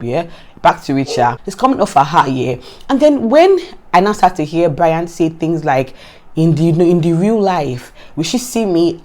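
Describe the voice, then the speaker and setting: In a lowish voice, a Nigerian vlogger gives an animated, casual rundown of a reality show. She frequently gets exasperated and says things more than once.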